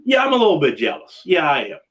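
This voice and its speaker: A man's voice: on the high side, wildly swooping pitch, fast, a bit bright, highs cut off. A man hosting a casual video-call chat, rambling and restarting his sentences often. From Pennsylvania. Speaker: podcast host.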